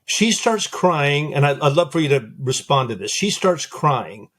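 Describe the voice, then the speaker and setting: A man's voice: on the high side, very animated, measured pace, a bit bright. A man hosting a psychology podcast, telling a counseling story animatedly, repeating phrases for emphasis. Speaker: psychologist host. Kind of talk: conversational podcast interview.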